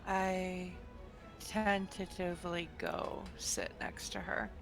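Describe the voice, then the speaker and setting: A woman's voice: on the low side, sing-song, slow pace, creaky, music in the background. Woman player speaking in character. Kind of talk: in-character tabletop role-play.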